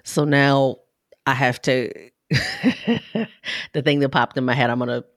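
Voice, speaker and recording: A woman's voice: rumbling low, flat delivery, measured pace, dry recording, studio quality. A woman hosting a podcast who asks questions in a playful conversational way, laughing as she talks. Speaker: podcast host. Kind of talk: conversational interview.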